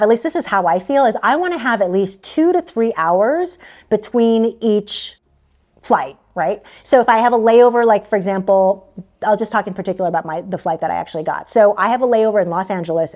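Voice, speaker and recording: A woman's voice: mid-range voice, darkish tone. A young adult woman giving travel tips in a chatty, casual way, with lots of fillers and frequent laughs. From Philippines-connected American. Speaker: travel vlogger. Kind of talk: casual talk to camera.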